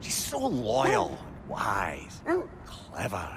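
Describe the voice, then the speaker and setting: A man's voice: sits low, wildly swooping pitch, very slow, background noise, full character voice. A man voicing a witty, chatty male talking head in a video game, teasing and fond of riddles and puns. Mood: playful. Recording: game audio with music behind.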